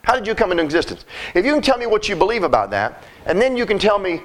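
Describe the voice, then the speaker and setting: A man's voice: high voice, big pitch swings, fast. A man preaching a sermon in a folksy, emphatic way, often repeating words as he goes.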